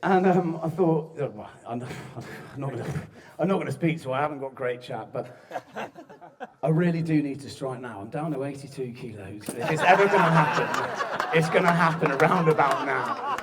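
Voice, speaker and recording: A young groom tells stories against himself, his voice sitting a touch high and often cracking into laughter. The speech is recorded at a wedding reception, with a busy crowd of guests murmuring and laughing behind him. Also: normal speed. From southern England. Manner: jokey, self-mocking, breaks into laughter. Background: guests laughing and chatting.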